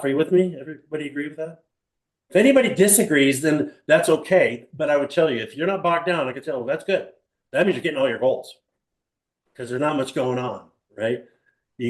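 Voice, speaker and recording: With a medium-pitched voice in a reverberant space, an older man runs a live motivational seminar for a small audience. He tells animated stories, asks the crowd questions, fires off rhetorical ones, and acts out other people.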